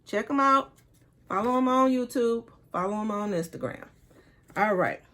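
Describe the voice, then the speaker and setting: A woman with a Detroit accent chatting excitedly to viewers as she unboxes a sneaker merch haul. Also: mid-range voice, slight background noise. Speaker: sneaker vlogger. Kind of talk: casual unboxing haul vlog.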